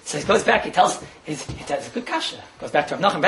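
A man gives a Torah class, jumping from teaching into storytelling with a lively, swinging pitch. He speaks quickly and laughs often as he talks.

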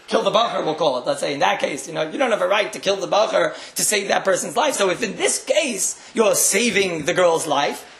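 A man's voice: high-pitched, gravelly, fairly bright tone, a little hiss or hum. A man speaking as a rabbi, giving a religious talk as a wry storyteller who makes joking asides and repeats his phrases. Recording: roomy echo.

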